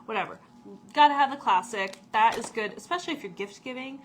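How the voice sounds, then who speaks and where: A woman's voice: fairly high pitch, quick pace, a bit bright, slight background noise. A woman from Nebraska in casual chat, presenting products in her store and laughing often. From Nebraska, USA.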